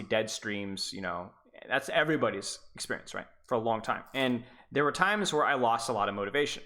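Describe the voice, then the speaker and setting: A man's voice: medium pitch, bright, forceful tone. A man who coaches esports, talking casually on a live stream in a rambling way, stumbling and restarting his sentences. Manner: rambling, stuttering, with frequent restarts.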